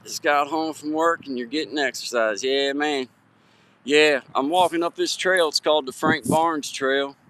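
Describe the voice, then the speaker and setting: Guy from virginia w/ a drawl, chatty n folksy, bright kinda high voice, talking into his phone on a trail. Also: moderate pace, clear, resonant tone. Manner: folksy, chatty, greets viewers by name. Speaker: livestream host. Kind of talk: casual live-stream chat. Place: outdoors on a hiking trail at sunset. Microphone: phone held for a live stream.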